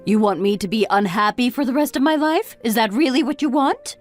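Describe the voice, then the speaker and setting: A woman's voice: on the high side, fairly quick, soft background music, close to an everyday voice. A woman playing a reproachful mother. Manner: reproachful, lecturing. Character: bitter, reproachful middle-aged mother. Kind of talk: scripted text-story drama.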